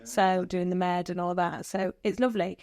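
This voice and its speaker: A woman's voice: fairly low pitch, level tone, normal speed, a little mellow, no echo. A British woman singer, a guest on a podcast, chatting casually and rambling, laughing often. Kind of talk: casual interview chat. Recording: dry podcast studio.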